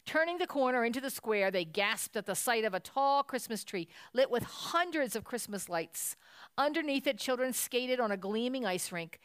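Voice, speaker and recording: A woman's voice: a little high, animated, moderate pace, smooth, dry recording. A woman reading a children's Christmas story aloud at a church service, telling it expressively.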